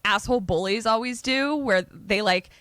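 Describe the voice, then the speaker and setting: A woman podcast co-host casually retelling a horror film plot, animated and swearing freely. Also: medium pitch, moderate pace, no room sound. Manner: animated, swearing, lots of fillers.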